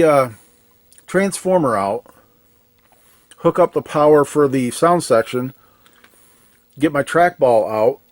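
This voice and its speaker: Man, repair technician, casual walkthrough, thinking aloud, middle pitch, dry close sound. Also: dry recording. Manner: thinking aloud, plain and self-deprecating.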